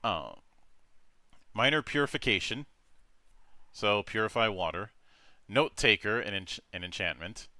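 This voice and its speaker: A man's voice: lowish voice, expressive, measured pace, long pauses, sharp tone, no room sound. A man hosting a tabletop game stream, reading rules with many fillers and restarts. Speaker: game master.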